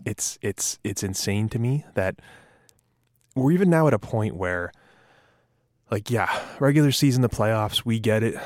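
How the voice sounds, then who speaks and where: A man with a fairly low voice co-hosts a casual sports chat. He argues his points emphatically and with a joking edge. The recording is dry and close, with no room sound. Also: unhurried, long pauses, no echo. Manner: emphatic and joking, lively rants. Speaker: podcast co-host.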